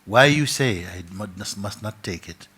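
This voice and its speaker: A man doing a startled, excitable adventurer. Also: moderate pace, a little hiss or hum. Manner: high, loud and startled.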